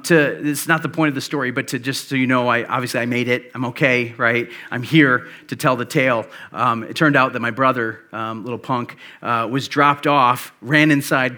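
A man in his thirties preaches a sermon, and it comes out like an easygoing chat, full of small fillers and restarts. His voice is bright and forward, with an ordinary middle pitch. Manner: conversational storytelling with many fillers. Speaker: pastor.

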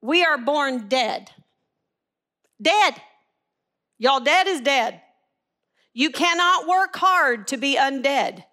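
Lively high-voiced woman teaching. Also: takes it slowly, long pauses. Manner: animated, laughs at herself, rising to high excited pitch. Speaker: bible teacher. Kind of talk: devotional bible teaching.

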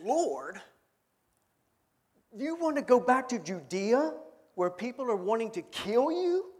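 A man's voice: sits high, wildly swooping pitch, drawn-out words, mellow, husky, full character voice. A man voicing an alarmed male disciple who protests in rising, incredulous questions.

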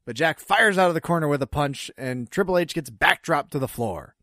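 A relaxed man co-hosting a wrestling podcast, his voice sitting a little higher than most men's. He reads out match details in an easy, chatty way with quick laughs. The recording is dry and close. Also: no echo. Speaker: podcast co-host. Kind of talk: casual wrestling review chat.

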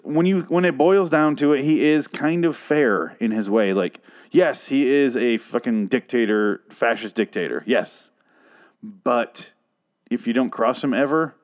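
A man hosting a podcast, recapping a TV episode in a rambling, profane, animated way. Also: medium pitch. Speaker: podcast host.

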